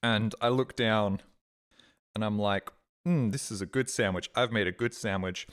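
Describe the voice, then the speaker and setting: A man streaming a game, telling rambling everyday stories and acting out his own exasperated reactions in a sudden higher voice. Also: expressive, measured pace, fairly bright tone, clear, resonant tone. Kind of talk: casual stream chat, storytelling.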